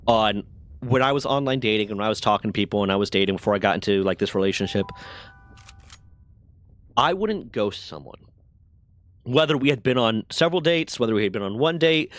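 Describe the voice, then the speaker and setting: A man's voice: medium pitch, fairly bright tone, dry recording. A man casually telling a long story to a live chat, rambling and self-deprecating with lots of fillers.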